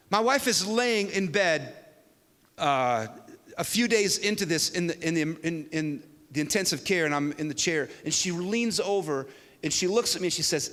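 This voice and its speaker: A man preaching a sermon to a church, telling a story with an animated delivery that swings from hushed to loud. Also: high-pitched, normal speed. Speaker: pastor. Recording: long hall reverb.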